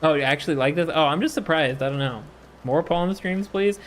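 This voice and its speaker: A man's voice: fairly high pitch, brisk, a little hiss or hum. A man streamer reading chat aloud and laughing often as he talks casually on a live stream.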